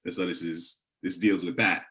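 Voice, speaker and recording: A young man with an African American English accent, talking softly with many pauses between poems, then performing spoken word poetry in a rhythmic, rising, incantatory delivery. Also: low-pitched, level tone. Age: young adult. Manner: soft, halting talk between poems with many fillers.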